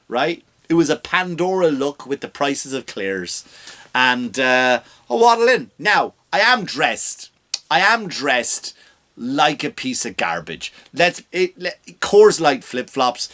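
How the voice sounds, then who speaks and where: Guy ranting on his comedy podcast, rambling and animated, pokes fun at himself. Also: medium pitch. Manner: rambling, animated, self-mocking.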